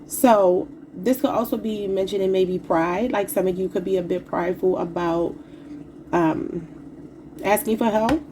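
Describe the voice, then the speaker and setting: Speaking at an unhurried pace against a noisy background, this tarot reader has a medium-pitched voice. Slightly sick and emotional, she keeps her reading casual and addresses her viewers as y'all.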